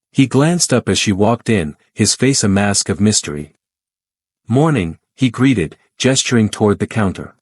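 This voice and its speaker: Guy reading a story, lowish voice, even and measured, dry sound. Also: no echo. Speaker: narrator. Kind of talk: scripted story narration.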